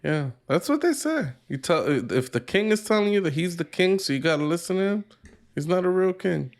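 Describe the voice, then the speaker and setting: A man's voice: high voice, expressive, normal speed. A man co-hosting a podcast in casual chat, rambling and profane, with many restarts. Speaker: podcast co-host.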